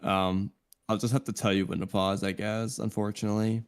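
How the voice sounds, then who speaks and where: A man's voice: on the low side, little pitch movement, fairly quick, clear, resonant tone. A man co-hosting a reaction stream over a voice call, chatty and curious, laughing often. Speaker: podcast co-host. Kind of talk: casual reaction stream chat. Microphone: remote call mic.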